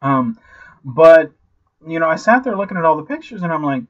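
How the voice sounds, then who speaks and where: A man in his thirties giving a casual, ranting movie review, animated and profane, constantly saying "like" and "you know". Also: on the high side, a little fast, muffled recording. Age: 30s.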